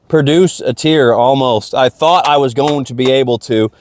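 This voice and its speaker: A man's voice: a little high, moderate pace, darkish tone, no echo. A man hosting a podcast, rambling through a casual, motivational monologue outdoors near a lake, often repeating himself. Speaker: podcast host. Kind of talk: casual stream-of-consciousness monologue.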